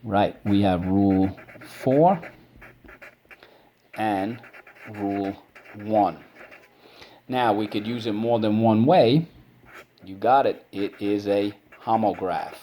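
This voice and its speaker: A man's voice: on the low side, dark tone, slight background noise. A man teaching a vocabulary and spelling lesson. He breaks words into syllables and checks in with "okay?" after each point. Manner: drawn-out syllable drills.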